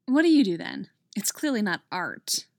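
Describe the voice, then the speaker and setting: A woman's voice: medium pitch, very animated, a little mellow, dry recording, studio quality. A woman playing a flustered young art student. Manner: flustered, rambling, quick.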